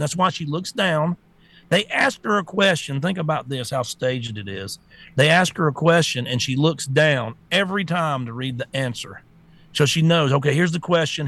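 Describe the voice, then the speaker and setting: A man's voice: fairly high pitch, vocal fry, fairly bright tone. A man co-hosting a political talk show, stammering and ranting, sometimes mocking others in put-on voices. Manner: stammering, rants with mocking impressions. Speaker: co-host.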